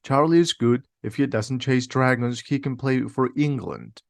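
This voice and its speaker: A man's voice: medium pitch, measured pace, gravelly, no echo. A man voicing an upbeat, confident young male sports captain in an audiobook reading.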